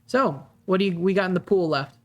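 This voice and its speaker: A game master running a tabletop game in a relaxed way, with many fillers and pauses. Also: mid-range voice.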